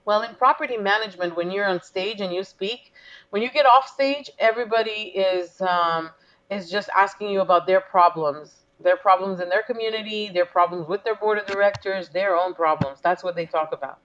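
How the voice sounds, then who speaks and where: A woman coach tells her story as an interview guest, earnest and emotional, voicing each quoted exchange. Her voice sits at a middle pitch. The recording sounds a little dull and lo-fi. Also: normal speed, a bit bright.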